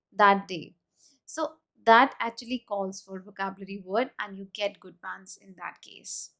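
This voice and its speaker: Woman with Indian English accent, mid-pitched teacher explaining exam tips step by step. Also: steady tone, normal speed, a bit bright. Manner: explains step by step, models example sentences aloud. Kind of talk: exam-prep lesson.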